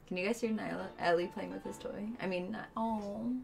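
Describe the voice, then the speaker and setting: A woman's voice: mid-range voice, steady tone, brisk, creaky, a little mellow, soft background music. A woman streaming herself playing a video game, chatting casually with viewers and friends in the room.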